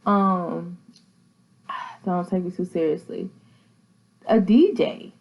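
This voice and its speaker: A woman's voice: lowish voice, slow, gravelly, dull audio. A woman hosting a casual commentary vlog, talking in a chatty, slangy way and laughing easily. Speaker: vlogger host.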